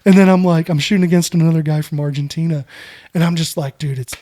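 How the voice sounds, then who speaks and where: A middle-aged American man, a podcast guest, tells a story in a casual, animated way and keeps saying "dude". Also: on the high side, fast talker.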